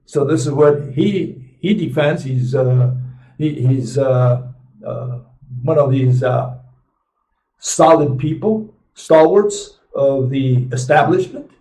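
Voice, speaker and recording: A man's voice: mid-range voice, takes it slowly, dark tone, distant mic. A man hosting a casual commentary live stream, rambling with many fillers and restarts, often tagging lines with "right?" or "okay?". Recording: roomy echo, speaking from away from the mic.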